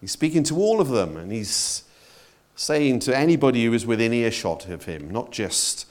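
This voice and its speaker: A man preaching a sermon in a conversational, expressive way, addressing his congregation directly. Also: normal speed. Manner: expressive, conversational preaching with wide swings in pitch and loudness.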